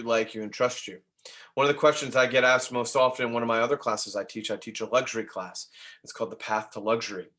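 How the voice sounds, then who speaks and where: Man teaching a room of agents, chatty and animated, steady mid-range voice, keeps checking in with "right?". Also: mid-range voice. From Nashville. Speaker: real estate trainer. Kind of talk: training talk to agents.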